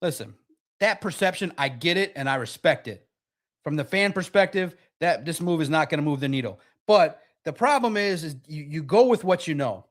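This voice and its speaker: A man hosting a sports reaction livestream, animated and quick to act out quotes and laugh. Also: on the high side. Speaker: sports talk show host.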